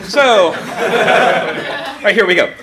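A man spins a personal story with a high voice that leaps all over the place, laughing as he goes and acting out his own reactions. The sound is roomy and echoey, with clear noise underneath. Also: extremely slow. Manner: animated, laughs often while telling, acts out his own quoted reactions. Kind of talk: personal story told live. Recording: echoey room with background noise.

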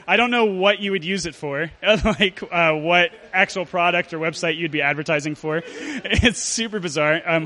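A man telling and reading a comic story at a live show, halting and full of fillers. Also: fairly high pitch, pushed and bright. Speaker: storyteller performer.

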